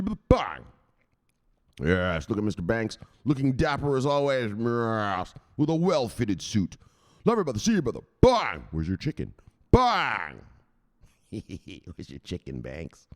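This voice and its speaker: An American man hosts a crypto news vlog in a loose, rowdy style. His voice leaps all over the place in pitch as he jokes, laughs and shouts catchphrases at his viewers. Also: gravelly. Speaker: crypto news channel host. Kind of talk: casual livestream-style vlog chat.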